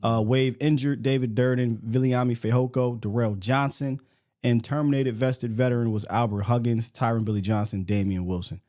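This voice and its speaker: A man hosts casual sports talk, speaking bluntly and with animation. He uses slang freely. His voice sits at an ordinary mid pitch for a man. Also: normal speed. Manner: blunt, animated, slangy, reads lists aloud. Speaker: sports podcast host.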